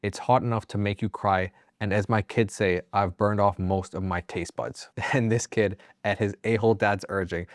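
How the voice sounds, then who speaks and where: A man's voice: lowish voice, steady tone, moderate pace, hardly any pauses, no echo, studio quality. A man reading online stories aloud as a channel host, breaking in with casual, profane, joking asides. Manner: casual, swears freely, jokey asides. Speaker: story narrator and channel host.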